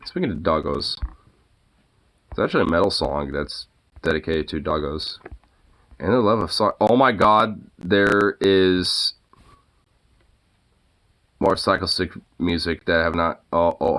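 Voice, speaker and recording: Deep-voiced man chatting and cooing at his dog. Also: unhurried, long pauses, fairly bright tone. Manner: coos baby talk at his dog between casual chat, swearing freely. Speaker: streamer. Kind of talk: casual chat.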